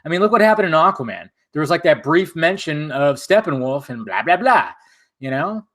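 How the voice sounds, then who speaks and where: A man's voice: on the high side, sing-song, a little fast, fairly bright tone. A young man hosting a live stream, chatting in a laid-back way and reading out viewer comments, swearing casually.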